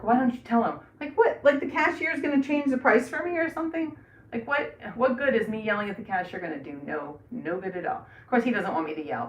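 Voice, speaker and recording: A middle-aged woman chatting casually on a livestream, rambling and laughing often as she paints. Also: fairly low pitch. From Florida. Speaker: livestream host. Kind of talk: casual live chat. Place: indoors in a bathroom. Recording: echoey room, voice from some distance.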